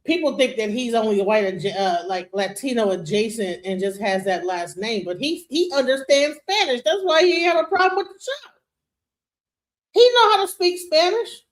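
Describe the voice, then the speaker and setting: Animated woman host reacting to clips. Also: fairly high pitch, moderate pace. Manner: animated, incredulous, emphatic. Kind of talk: reaction commentary.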